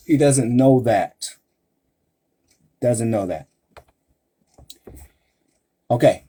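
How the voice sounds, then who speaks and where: A man giving relationship advice over a live stream, his voice mellow and a little husky. He takes his time, pressing each point with emphasis and rhetorical questions aimed straight at the women listening. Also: medium pitch, expressive, extremely slow, pauses often. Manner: addresses women listeners directly.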